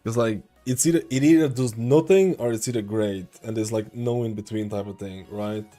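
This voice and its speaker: A man's voice: fairly low pitch, moderate pace, dark tone. A young man streaming live, answering viewer questions in a loose, rambling, chatty way. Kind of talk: casual live-stream chat. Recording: faint music behind.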